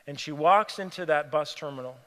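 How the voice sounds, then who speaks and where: A man preaches in an earnest storytelling voice that sits a little higher than most men's. He often sinks to a hushed, near-whispered tone. His words ring out with a long reverb, as if in a large hall. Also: a little fast. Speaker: pastor. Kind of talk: sermon.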